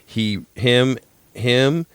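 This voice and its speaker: A man's voice: medium pitch, very slow, clear, resonant tone, no room sound. A man co-hosting a podcast in casual chat, chiming in with asides and quips. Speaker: podcast co-host.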